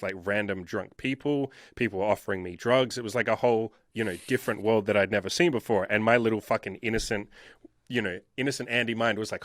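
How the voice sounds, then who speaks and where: Emphatic swearing man, lowish voice. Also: fairly bright tone, no room sound, clean studio sound. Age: 30s. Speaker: guest. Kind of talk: casual interview storytelling.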